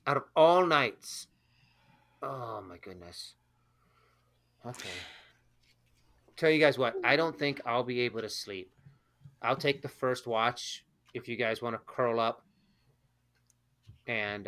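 A man speaks slowly in a bright, forceful voice, stumbling and repeating himself as he voices his cat character. He sounds like a tabletop role-play player in character. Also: mid-range voice, smooth. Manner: hesitant, halting, repeats words. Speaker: player voicing an outdoor cat.

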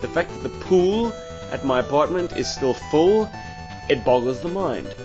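A man's voice: a little high, lively intonation, normal speed, over music. A man hosting a casual podcast, tipsy, wry and rambling. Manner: rambling, wry, self-mocking. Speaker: podcast host. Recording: dull lo-fi podcast audio.

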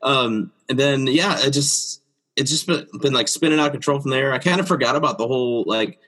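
A man with a slightly husky voice sits down for a casual interview chat. He tells stories about his art with plenty of laughter and pops up into a high register to mimic the people he quotes. He sounds like a friendly illustrator in his thirties. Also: a little fast. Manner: animated storyteller, acts out quotes in a high voice, laughs often. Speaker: children's book illustrator, guest.

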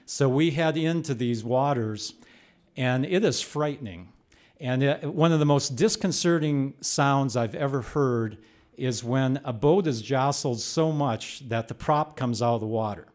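Older male storyteller, live stage delivery, animated and punchy, medium voice. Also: mid-range voice, a little slow. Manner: animated, rising to shouts when reliving the chaos.

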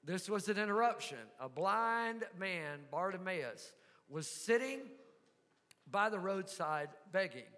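A man preaching a sermon, telling a story with soft asides and sudden loud shouts. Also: high-pitched, lively intonation, takes it slowly, in a large hall. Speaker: pastor.

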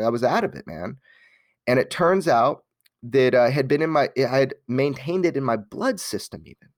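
A man from Los Angeles, telling his life story as an interview guest in a candid, animated way, with many restarts and some casual swearing. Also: medium pitch, no room sound, studio quality.

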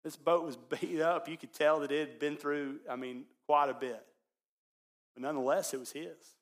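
A man preaching as a pastor, telling a story in his sermon and swinging between loud, excited passages and hushed ones. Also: fairly high pitch, normal speed.

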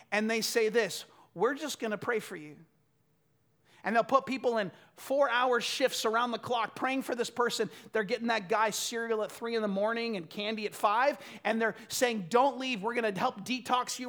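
A man in his thirties preaching a sermon, telling stories and swinging from loud bursts to quiet asides. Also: extremely high pitch, moderate pace. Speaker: pastor.

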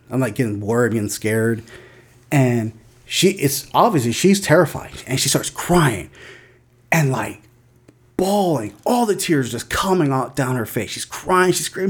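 A man's voice: medium pitch, lively intonation, moderate pace. A man in his thirties co-hosting a podcast, telling a loose, profane anecdote with lots of fillers. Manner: loose storytelling with frequent swearing and fillers. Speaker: podcast co-host. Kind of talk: casual chat and anecdote.

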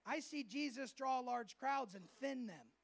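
A male pastor preaches at a church service, lively and humorous, often acting out the voices of people he quotes. His voice is very high-pitched and creaky, and he speaks a little slowly.

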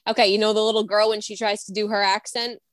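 A woman's voice: mid-range voice, little pitch movement, fast, dry recording. Giggly young woman full of "like". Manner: giggly, bubbly, filler-heavy. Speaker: podcast co-host. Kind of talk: casual chat.

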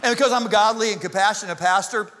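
Pastor guy preaching, kinda high bright voice, big echoey church hall, goofy storyteller. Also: fast. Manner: animated, comic storytelling with shouted punchlines. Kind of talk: sermon with storytelling. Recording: long reverb of a large hall.

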